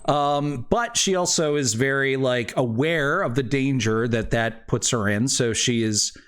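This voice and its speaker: A man narrating a tabletop game as game master, relaxed and full of fillers. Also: medium pitch, unhurried, clean tone. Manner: relaxed, hesitant, with many fillers.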